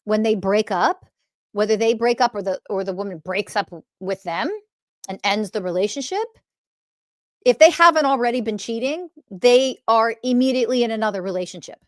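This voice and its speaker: A woman's voice: fairly high pitch, moderate pace, dry recording. Emphatic woman podcast host, dry sound. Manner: animated storytelling with emphatic swearing. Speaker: podcast host and spiritual teacher. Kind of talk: solo podcast monologue.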